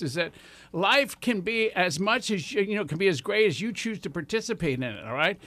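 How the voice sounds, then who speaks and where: A man's voice: sits high, animated, brisk, fairly bright tone, dry recording. A man in his sixties hosting a radio show, giving enthusiastic, rambling motivational talk straight to his listeners. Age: 60s.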